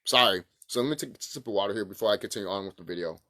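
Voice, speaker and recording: A man's voice: lowish voice, racing, sharp tone. A man ranting to camera in a rambling, profane, emphatic way about spiritual ideas. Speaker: vlogger. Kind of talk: casual spiritual rant to camera.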